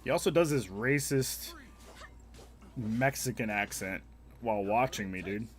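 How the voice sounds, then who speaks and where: A man's voice: fairly low pitch, a little slow, pauses often, soft background music. A young man live-streaming a game, chatting casually with viewers in a crude, joking, rambling way. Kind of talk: casual gaming stream chat.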